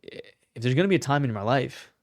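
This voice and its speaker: Young Canadian man telling animated stories. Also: mid-range voice, quick pace, dry recording, clean studio sound. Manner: animated, acts out quoted lines. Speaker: actor, podcast guest. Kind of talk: casual interview storytelling.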